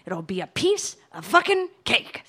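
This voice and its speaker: A woman's voice: fairly high pitch, sing-song, a little slow, heavy background noise. A woman playing a cocky, foul-mouthed young wannabe supervillain in a comedy audio drama. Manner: cocky, swearing constantly. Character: brash foul-mouthed young villain wannabe, gun-waving mugger.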